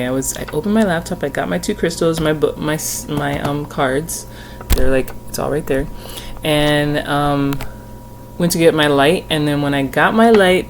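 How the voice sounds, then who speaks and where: A woman's voice: low voice, a little hiss or hum. A woman hosting her own tarot channel, talking casually from home in a rambling, chatty way with frequent laughter and the odd swear word. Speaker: tarot reader and channel host.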